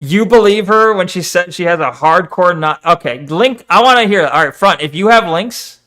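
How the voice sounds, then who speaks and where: A man's voice: high-pitched, animated, moderate pace, pushed and bright. A streamer chatting casually on a live stream, rambling and arguing as he reads viewers' messages aloud and answers them.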